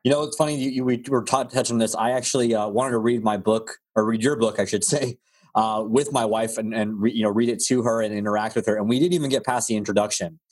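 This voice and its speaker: A man's voice: fairly low pitch, fairly even intonation, fast, darkish tone. A man hosting a podcast interview, chatting casually and rambling with frequent restarts. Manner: rambling, stammers and restarts, friendly. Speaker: podcast host.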